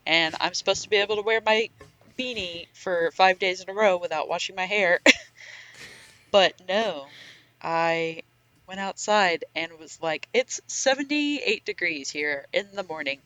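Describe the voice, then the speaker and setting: A woman's voice: mid-range voice, moderate pace, a bit bright, dull audio. A woman co-hosting a podcast, chatting in a teasing, slangy way. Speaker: podcast co-host, dog groomer. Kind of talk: casual podcast chat.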